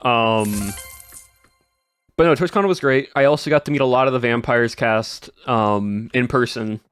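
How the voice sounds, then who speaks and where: Over soft background music, a man casually talks to his stream viewers in a meandering way, laughing a lot and peppering his speech with "like" and restarts. His voice is medium-pitched, unhurried, fairly bright, and clean.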